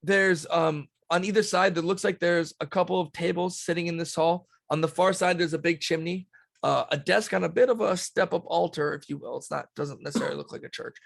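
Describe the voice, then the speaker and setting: A man's voice: fairly high pitch, a little fast, vocal fry, fairly bright tone, no echo. A man narrating a tabletop game as game master, loose and casual.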